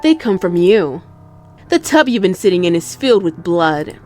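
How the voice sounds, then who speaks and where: A young woman hosting a gaming channel, reading a visual novel aloud with dramatic narration and loud, cursing outbursts. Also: fairly low pitch, sing-song, moderate pace, faint music behind.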